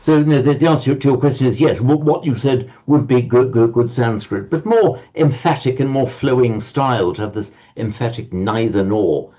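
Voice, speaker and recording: A man teaches an online Sanskrit class, explaining slowly and often repeating words while searching for them. His voice is mid-range and mellow, with the highs cut off.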